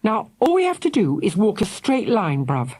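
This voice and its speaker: A woman's voice: mid-range voice, wildly swooping pitch, moderate pace, a little mellow, slightly rough, pitched above the performer's own voice. A woman voicing a brave, bossy young girl who urges her little brother on, in an audiobook. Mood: urgent. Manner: urgent, breathless bossiness. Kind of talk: audiobook character voice.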